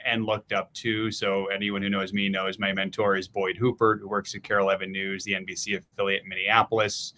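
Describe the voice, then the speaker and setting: A middle-aged man, a TV news reporter, speaking on a panel in a reflective, earnest way with halting restarts. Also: lowish voice, pushed and bright. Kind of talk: casual panel discussion.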